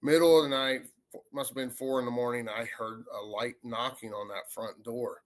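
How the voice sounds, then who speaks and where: A man, a paranormal investigator telling a ghost story in a rambling, animated way. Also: mid-range voice, normal speed. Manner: rambling, animated retelling with acted quotes. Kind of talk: casual storytelling.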